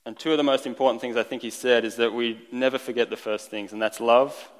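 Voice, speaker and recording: A man preaches to his congregation in a chatty, easygoing manner, slipping in small jokes and restarting phrases as he goes. His voice sits at an ordinary middle pitch. The sound rings with the long reverb of a large church hall. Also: fairly even intonation, fast. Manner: conversational, lightly joking, with restarts. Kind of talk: sermon.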